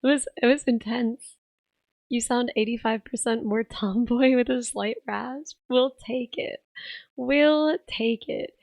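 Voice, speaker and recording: Hoarse, raspy young woman streaming. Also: a little high, darkish tone, no room sound. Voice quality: rough, raspy voice. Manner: chatty, giggly, reads chat aloud. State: hoarse, tired voice. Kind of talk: casual live-stream chat.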